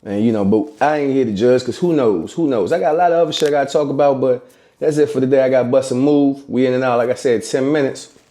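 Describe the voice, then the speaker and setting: A man's voice: mid-range voice, fairly even intonation, fast, dark tone. A man hosting his own podcast, talking loosely and profanely in casual solo commentary. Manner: loose, profane, conversational street talk. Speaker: podcast host.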